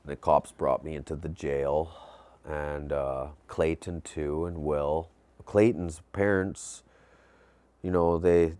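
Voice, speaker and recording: A man calmly recounting personal memories in an interview. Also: takes it slowly, dry recording. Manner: low-key, reflective, with small laughs. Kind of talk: personal storytelling.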